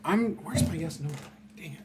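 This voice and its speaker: A man's voice: a little high, animated, moderate pace, a crowd in the background. A man acting as game master in a tabletop role-playing game, talking casually with a chuckle and lots of filler words.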